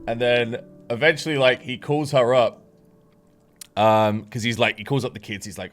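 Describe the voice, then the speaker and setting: A man's voice: mid-range voice, steady tone, moderate pace. Brief: man, casual storyteller, rambling, swears often, laughs a lot, faint guitar behind. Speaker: streamer telling a story. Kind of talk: casual anecdote.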